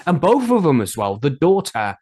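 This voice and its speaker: A man's voice: on the high side, huge pitch swings, moderate pace, a little mellow. An English man co-hosting a podcast, chatting casually and joking, swearing often and rambling with restarts. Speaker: podcast co-host. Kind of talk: casual comedic chat.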